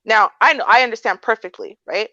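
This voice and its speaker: A woman co-hosting a casual livestream chat, telling stories with animated flair and acting out voices. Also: fairly high pitch, brisk, no room sound, dull audio. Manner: animated storytelling, acts out a sweet confused voice. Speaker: co-host.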